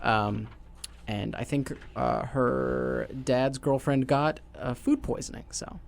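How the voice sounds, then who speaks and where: Rambling Canadian podcast co-host. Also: male voice, mid-range voice, takes it slowly, gravelly. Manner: rambling, joking, trails off into fillers. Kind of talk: casual chat.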